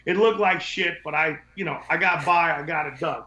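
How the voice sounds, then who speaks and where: Speaking at a moderate pace in a slightly high, pushed, bright voice, the window cleaning business owner rambles through casual stories as a podcast guest. He is blunt and profane, and the audio is echoey with a dull lo-fi quality.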